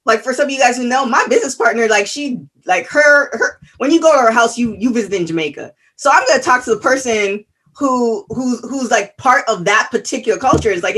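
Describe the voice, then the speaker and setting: A slightly high-voiced woman from the West Indies chats on a podcast, tripping over her words and restarting her sentences often. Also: sharp tone. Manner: chatty, with frequent stammered restarts. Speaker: podcast co-host. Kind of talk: casual chat.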